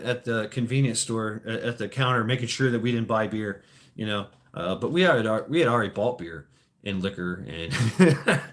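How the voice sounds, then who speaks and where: A man's voice: medium pitch, fairly bright tone. A man telling casual, rambling stories, swearing freely and laughing often. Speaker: vlogger. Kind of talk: casual storytelling.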